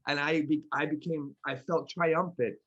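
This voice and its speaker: A man co-hosting a podcast, chatting casually and rambling with many restarts, laughing at himself, then leading a gentle grounding practice. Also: a little high, steady tone, moderate pace, muffled recording. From Philadelphia. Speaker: podcast co-host and class teacher.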